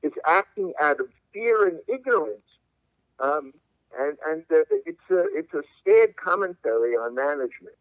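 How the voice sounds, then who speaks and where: An older man with a high, lively voice argues like a lawyer, leaning hard on his points. He comes through a tinny, dry phone line. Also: normal speed, clean tone, no echo. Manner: emphatic, argumentative, lawyerly. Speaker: civil liberties attorney guest. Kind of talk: interview answers by phone. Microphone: telephone.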